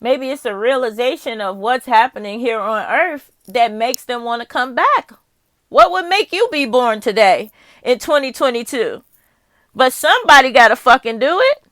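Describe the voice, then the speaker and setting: A woman's voice: fairly high pitch, lively intonation, moderate pace, fairly bright tone, no echo. A woman doing a casual tarot reading, talking straight to the viewer, candid and profane, musing aloud. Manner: candid and profane, with frequent laughs. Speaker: tarot reader.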